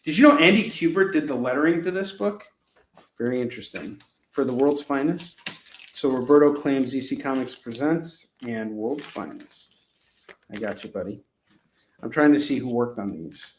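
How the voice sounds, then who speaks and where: A man hosting a casual live shopping stream, pitching comic books with rambling jokes and laughing at himself. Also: normal speed, reverberant, slight background noise. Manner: jokey, rambling, laughs at his own jokes.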